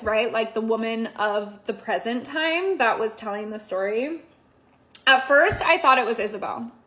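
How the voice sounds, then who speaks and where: A woman's voice: high-pitched, sharp tone. A young woman reviewing a book in a casual vlog, emotional and gushing, with casual swearing.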